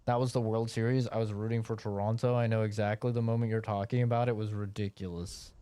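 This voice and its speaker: A man's voice: on the low side, flat delivery, quick pace, warm tone, smooth, dry recording. A young man streaming a game, telling a rambling, profane story in a casual chat full of fillers. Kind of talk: casual storytelling while gaming.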